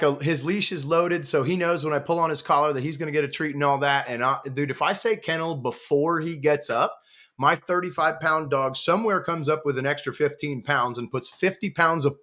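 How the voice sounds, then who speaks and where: A man's voice: on the high side, bright, forceful tone. A man talking casually as a podcast guest, easygoing and chatty, tossing in "dude" and "y'all". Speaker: podcast guest, dog business owner.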